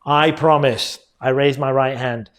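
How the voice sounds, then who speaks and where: A man's voice: mid-range voice, fairly even intonation, a little slow, fairly bright tone. A middle-aged male dentist giving an earnest educational talk, speaking directly to viewers and calling them folks.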